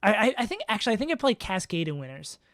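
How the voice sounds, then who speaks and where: Talking fast in a high, very animated, slightly bright voice, the streamer rambles through his player rankings with self-mockery, plenty of fillers and frequent restarts. The audio is clean studio sound with no echo.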